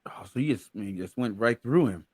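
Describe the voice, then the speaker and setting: Lively relaxed male podcast host. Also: medium pitch, slightly rough, no room sound. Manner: relaxed, quick reactions, laughs along. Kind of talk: casual interview chat.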